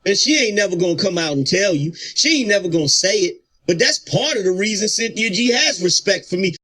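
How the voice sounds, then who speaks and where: A man's voice: sits high, lively intonation, a little fast, bright, forceful tone. A man streaming, boasting in a defiant rant, heard in a played clip.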